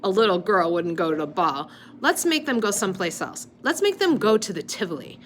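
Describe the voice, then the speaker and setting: A woman reading a storybook aloud, voicing a friendly, sensible young girl who speaks gently and reassuringly. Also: mid-range voice, big pitch swings, a little fast, a little hiss or hum, close to an everyday voice. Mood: matter-of-fact.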